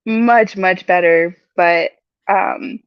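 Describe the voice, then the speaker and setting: A woman in her forties telling a family story in casual chat, lively and quick to laugh. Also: on the low side, smooth, muffled recording. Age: 40s. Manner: animated, laughs often.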